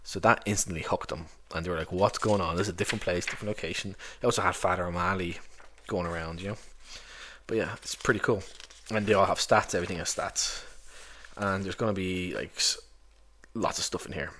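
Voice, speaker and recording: A man with a very low, deep voice talks through his favourite tabletop books in a loose, rambling way. He keeps it casual and chatty, with plenty of fillers and asides. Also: fairly quick, pushed and bright, slight background noise. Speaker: tabletop game master reviewing books. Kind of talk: casual rambling book review.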